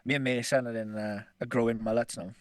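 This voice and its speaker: A man spinning a long, profane yarn, laughing through it. His voice sits at an ordinary pitch and sounds close and dry, with no room around it. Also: little pitch movement, fast talker, dry recording. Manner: rambling, swears constantly, laughs through stories. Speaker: podcast co-host. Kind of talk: casual storytelling chat.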